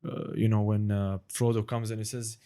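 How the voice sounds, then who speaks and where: Lower-pitched man, guest in a loose, rambling chat. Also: normal speed, clean tone. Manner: rambling, many restarts, lively when demonstrating. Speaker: podcast host, guest. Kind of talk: casual interview chat.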